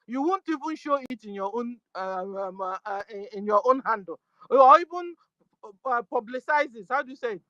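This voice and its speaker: A woman hosting a casual live audio chat, forceful and firm, often asking "you understand?". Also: high voice, no room sound, muffled recording. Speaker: host of an online audio space.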